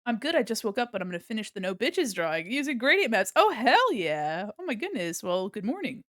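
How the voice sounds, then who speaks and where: A young woman chatting casually on a livestream while she draws, swearing freely, laughing often and softly singing along. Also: on the high side, sing-song, fast talker, dry recording, studio quality. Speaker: streamer.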